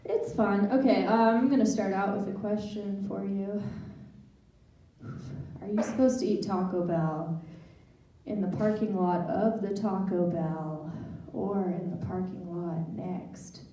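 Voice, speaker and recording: A woman's voice: mid-range voice, fairly even intonation, measured pace, mellow. A woman doing a stand-up set, with awkward, self-deprecating humor and nervous laughs. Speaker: guest stand-up comic. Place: library event room with live audience. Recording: echoey room miked from far off, faint noise.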